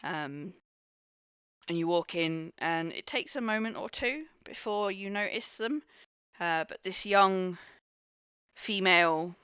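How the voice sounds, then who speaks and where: A woman narrating a tabletop game as game master, describing scenes in a relaxed way with many fillers. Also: lowish voice, clear, resonant tone, no room sound. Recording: muffled dry recording.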